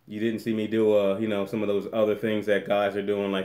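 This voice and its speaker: A man's voice: fairly low pitch, completely flat delivery, a little fast, a little mellow. Rambling man in an echoey room. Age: adult with a daughter. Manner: rambling, restarts often, reads chat aloud. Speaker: vlogger hosting a live Q&A. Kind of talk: casual live-stream chat. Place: home room.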